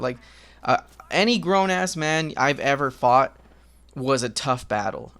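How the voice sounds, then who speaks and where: A man with a gravelly edge and a mid-range voice chats casually into a desk mic while gaming. He rambles candidly, swears freely and leans on fillers like "um" and "like.". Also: medium pitch, fairly bright tone. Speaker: gaming vlogger.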